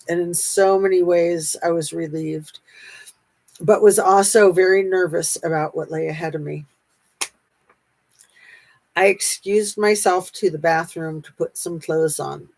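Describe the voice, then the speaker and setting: A woman reads a memoir aloud at a slow, deliberate pace. Her voice sits a little low. She keeps a steady, unhurried reading manner with small pauses. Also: low-quality recording.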